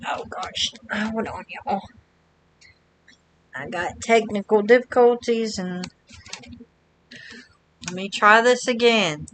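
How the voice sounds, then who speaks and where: Soft-spoken woman streaming a game. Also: mid-range voice, slow, long pauses, a little hiss or hum. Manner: quiet, murmuring to herself. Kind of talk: casual gameplay commentary.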